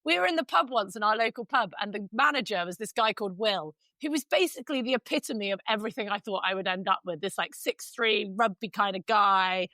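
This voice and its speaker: A woman's voice: medium pitch, brisk, few pauses, bright, forceful tone, no echo. A woman co-hosting a podcast, chatting frankly with a giggly, talkative manner. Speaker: podcast co-host. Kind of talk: casual chat.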